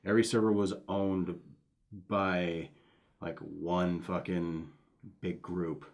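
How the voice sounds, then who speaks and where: Male co-host, lower voice, swears a lot, animated storyteller in a casual gaming chat. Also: slow pace. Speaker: podcast co-host.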